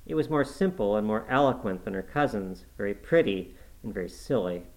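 Low-voiced man reading a classic novel. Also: poor audio. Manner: measured, expressive storytelling. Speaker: audiobook reader.

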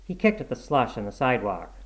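A man's voice: mid-range voice, big pitch swings, quick pace, low-quality recording. Man reading a short story aloud. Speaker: narrator.

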